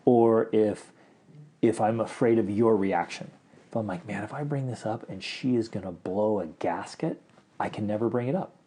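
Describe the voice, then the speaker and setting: A middle-aged man co-hosting a podcast in casual chat, talking in an animated way and acting out the lines he quotes. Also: on the low side, moderate pace, slightly rough. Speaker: podcast co-host.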